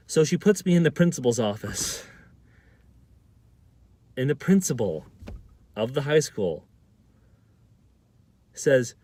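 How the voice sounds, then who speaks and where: A man's voice: medium pitch, very animated, slow, pauses often, mellow, no echo. A man vlogger telling a personal story to camera, often stammering and repeating words.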